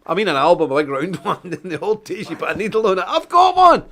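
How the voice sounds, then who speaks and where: A middle-aged man with a Scottish accent hosts a live online show. He talks in an indignant, sarcastic rant, his slightly high voice leaping up and down all the time. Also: quick pace. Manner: animated, indignant ranting with sarcastic asides. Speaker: host.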